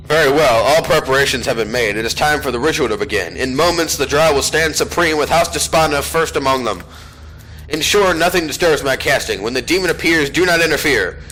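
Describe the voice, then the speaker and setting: A man voicing a scheming, proud dark elf priestess woman, haughty and commanding, reading game dialogue aloud. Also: medium pitch, brisk, soft background music, lightly acted, rough recording.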